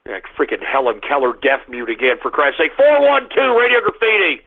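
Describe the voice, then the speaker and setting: A male radio talk show host, exasperated, yelling at callers to shut up. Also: fairly high pitch, wildly swooping pitch, fairly quick, vocal fry. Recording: tinny phone-like sound.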